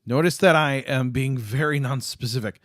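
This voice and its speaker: A man's voice: mid-range voice, normal speed, a bit bright, no echo, studio quality. A man chatting casually with viewers on a live stream, rambling with lots of fillers and restarts. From United States.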